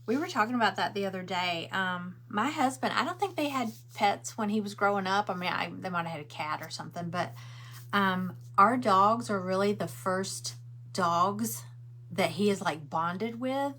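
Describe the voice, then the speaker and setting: A woman's voice: mid-range voice, lively intonation, moderate pace, bright, forceful tone, a little hiss or hum. A middle-aged woman chats and rambles, answering viewer comments while she crafts at home. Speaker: craft livestream host. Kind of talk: casual chat while crafting.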